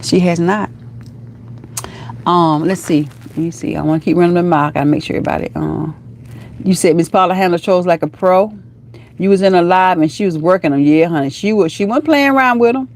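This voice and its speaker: A woman vlogger chatting on a livestream, reading viewer comments and talking to them as "girl" and "honey" in a lively, encouraging way. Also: fairly low pitch, brisk.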